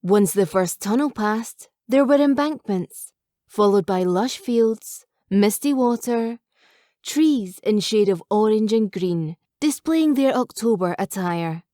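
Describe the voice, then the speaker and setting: A woman calmly narrating a novel as an audiobook reader. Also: mid-range voice, slow, dry recording, studio quality. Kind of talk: scripted narration.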